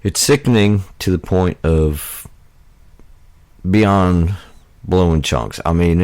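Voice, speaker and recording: A man's voice: low voice, gravelly, a little mellow. An American man hosting a political talk radio show, speaking in a rambling, indignant way with many fillers and restarts.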